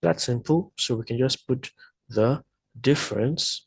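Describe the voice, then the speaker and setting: A man's voice: mid-range voice, unhurried, creaky, breathy edge, no echo, rough recording. A man tutoring math, working through problems step by step while thinking aloud, with frequent hesitations and self-corrections.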